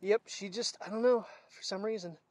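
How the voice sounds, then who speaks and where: A man's voice: high voice, a little fast, dry recording. A man chatting casually through a daily vlog outdoors, laughing often and talking to his dogs on a clip-on mic. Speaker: vlogger. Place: outdoors with dogs in cold air. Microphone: wireless clip-on mic.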